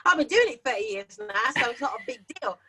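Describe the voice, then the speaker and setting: A middle-aged woman with a London accent, talking as a guest in a relaxed interview. Her voice sits high and sounds bright and forceful. She tells her stories with lots of life and slips into other people's voices as she goes. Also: fast, slight background noise, poor audio. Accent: London English. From London, England. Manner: animated storyteller who acts out quoted voices. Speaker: singer and guest. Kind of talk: casual interview chat.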